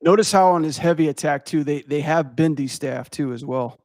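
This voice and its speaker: A man's voice: on the high side, moderate pace, a little mellow, no room sound, clean studio sound. A young adult man from Louisiana, rambling and swearing as he critiques animation for his stream chat. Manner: rambling, profane, filler-heavy.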